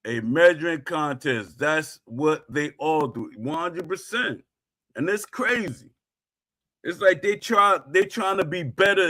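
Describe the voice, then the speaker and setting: A middle-aged man with a high, bright voice holds forth to his viewers in an unhurried rant. He repeats himself for emphasis and stamps each point down hard, like a host airing a grievance. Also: lively intonation. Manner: emphatic, repetitive, punctuates claims with "Facts". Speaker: streamer host. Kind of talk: ranting monologue to viewers.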